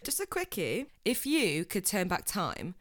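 A woman's voice: medium pitch, huge pitch swings, unhurried, a bit bright. A young woman hosting a podcast, calling friends in an affectionate, bubbly casual chat and laughing easily. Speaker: podcast host.

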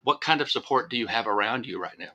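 A man interviewing a guest, asking gentle, hesitant questions with stammered restarts. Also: mid-range voice, expressive, quick pace, muffled recording. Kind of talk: conversational interview.

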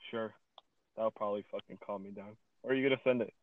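A man chatting casually on a podcast call, cursing often and quick to get frustrated and rant. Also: on the low side, steady tone, dry recording. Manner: cursing, easily frustrated, ranting. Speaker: podcast co-host. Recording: tinny phone-like line.

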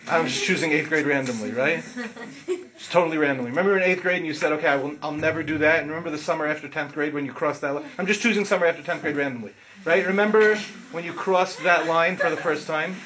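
A middle-aged man teaching an informal Torah class to students, animated, asking questions and acting out what his students say. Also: on the high side, fast talker, a crowd in the background. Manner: animated, asks the listeners questions, acts out students' words.

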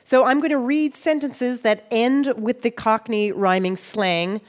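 A woman game show host with a voice on the high side reads clues aloud playfully and unhurriedly. She's hosting a quiz show in front of a live audience.

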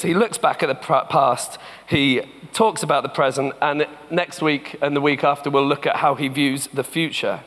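High-voiced pastor preaching. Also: male voice, a bit bright. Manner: conversational, storytelling, slows for scripture and reflection. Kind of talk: sermon. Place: church. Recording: long church reverb.

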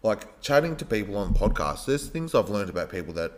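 A man's voice: fairly low pitch, a little fast. A man hosting a podcast, talking casually and loosely, often searching for words as he goes. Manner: relaxed, rambling, searches for words. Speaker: podcast host, teacher.

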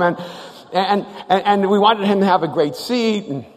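A man's voice: high-pitched, normal speed. A man preaching a sermon, telling stories animatedly, acting out the voices and often restarting his sentences. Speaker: pastor. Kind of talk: sermon storytelling. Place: large church hall. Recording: live church hall with reverb.

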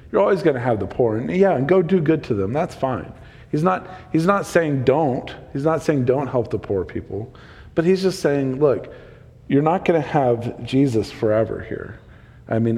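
A man's voice: medium pitch, lively intonation, moderate pace, mellow. A man leading a casual Bible study, thinking aloud with plenty of ums and restarts. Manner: thinks aloud, loose, with many fillers. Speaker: Bible teacher. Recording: long hall reverb.

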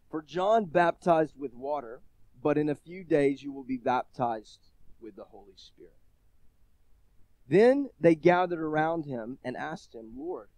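A man in his thirties delivers a sermon in a fairly high voice. He shifts between loud, emphatic scripture reading and quiet, chatty storytelling. The sound is dry and close, with little room echo. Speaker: preacher.

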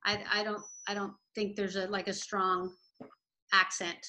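A woman's voice: medium pitch, flat delivery, unhurried, sharp tone. A Canadian woman with a Canadian accent, chatting casually and correcting herself as she goes. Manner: chatty, self-correcting, laughs easily. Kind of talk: casual chat.

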